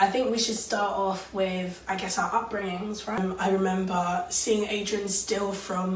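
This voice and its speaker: A woman's voice: medium pitch, level tone, fairly quick, hardly any pauses, a little hiss or hum. Woman, hesitant fake-emotional story, echoey room, far from mic. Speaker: prankster wife.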